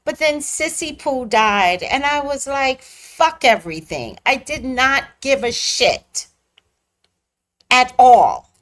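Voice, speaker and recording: A woman casually telling a personal story on her vlog, laughing often and swinging between squealing highs and hushed lows. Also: expressive, slow. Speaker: vlogger.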